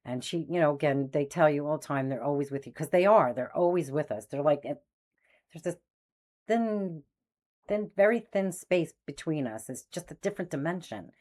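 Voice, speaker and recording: A woman in her sixties, a spiritual medium host, telling personal stories in a lively way and acting out the voices of the people in them. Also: low voice, moderate pace. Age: 60s. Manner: animated, acts out quoted voices. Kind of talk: personal storytelling.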